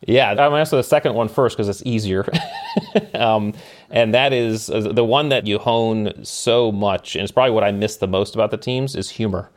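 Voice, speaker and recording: A middle-aged man telling an animated story as a podcast guest, with emphatic delivery and ready laughter. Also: fairly low pitch, moderate pace. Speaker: podcast guest, former special operations member. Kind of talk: storytelling in casual conversation.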